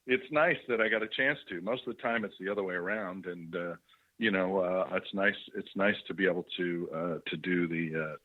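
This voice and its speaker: A middle-aged man, a guest actor calling in to a radio show, chatting in a halting way with lots of fillers and restarts. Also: low-pitched. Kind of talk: phone interview on a radio show. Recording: muffled phone line.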